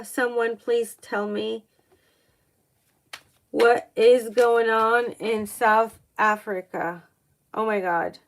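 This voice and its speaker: Slow-talking excitable tarot reader woman. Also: fairly high pitch. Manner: halting and excitable, many gasps and "oh my God"; restarts sentences, thinks aloud. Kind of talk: live-streamed tarot reading, chatting with viewers.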